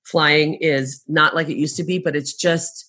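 A middle-aged woman, a travel agent, telling stories in casual conversation, animated and laughing often as she acts out what people said. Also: low voice, unhurried, breathy edge.

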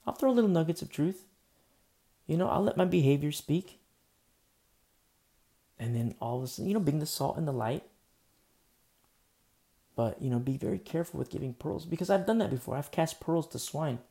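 A male pastor preaching a relaxed, conversational sermon, rambling with lots of fillers and restarts. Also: mid-range voice, gravelly.

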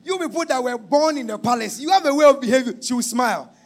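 High-pitched, shouting preacher. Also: male voice, animated, quick pace. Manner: shouting and half-singing, then dropping to a low confiding tone. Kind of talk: sermon.

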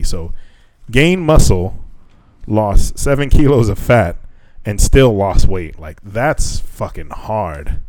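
A man co-hosting a casual podcast about gym results, swearing and laughing often and mimicking other people in high voices. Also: darkish tone, no echo, low-quality recording. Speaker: podcast co-host. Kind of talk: casual chat.

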